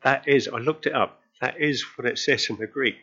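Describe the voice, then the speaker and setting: A man's voice: mid-range voice, moderate pace, gravelly, pushed and bright. Guy preaching, chatty storyteller vibe, asks the crowd stuff, kinda muffled lo-fi audio. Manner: conversational storytelling, asks the congregation questions. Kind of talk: sermon.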